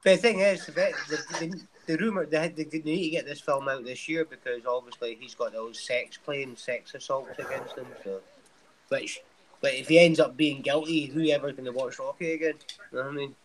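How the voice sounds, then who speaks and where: A man's voice: medium pitch, steady tone, moderate pace, slight background noise, low-quality recording. A man chatting casually on a late-night MMA show, joking and swearing freely while watching fights.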